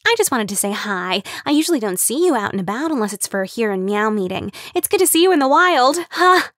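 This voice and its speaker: A woman voicing an excitable, breathless young woman who gushes in a rushed, high voice. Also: no room sound, studio quality, lightly acted. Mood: chirpy.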